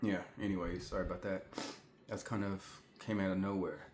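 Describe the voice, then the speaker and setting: A man's voice: low voice, little pitch movement, a little fast, darkish tone, a little hiss or hum. A man in his forties telling a story to the camera at home in a chatty way, repeating himself and talking straight to the viewers. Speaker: vlogger. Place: indoors at home. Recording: echoey room.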